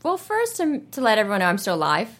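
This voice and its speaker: A woman in her thirties, a guest telling her story in a lively, animated way during a radio interview. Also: mid-range voice, fast. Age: 30s.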